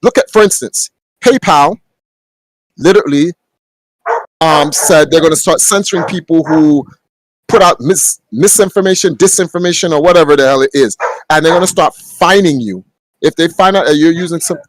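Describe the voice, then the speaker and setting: Brief: young male podcast host, blunt profane rant, higher voice, dry close mic. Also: moderate pace, no echo, rough recording. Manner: blunt, profane, rising to heated outbursts. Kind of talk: casual ranting monologue. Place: home room.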